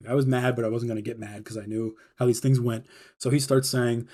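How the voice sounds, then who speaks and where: A man's voice: mid-range voice, brisk. A man casually telling a personal story about a work dispute, swearing often and acting out the other people's lines. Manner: profane, animated retelling with quoted dialogue. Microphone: streaming mic.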